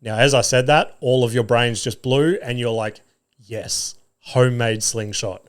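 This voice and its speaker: A man's voice: mid-range voice, moderate pace. Sweary man telling podcast stories. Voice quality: sweary, animated storyteller. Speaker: podcast host. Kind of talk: solo podcast storytelling.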